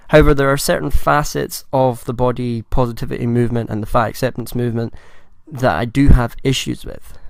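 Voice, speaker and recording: A young man speaks in a hoarse, croaky voice with a gravelly edge. He talks in a measured, thoughtful way, like a solo commentary vlog. The sound is dry and close, with no room echo. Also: medium pitch. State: hoarse, croaky from a chest infection. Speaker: commentary vlogger.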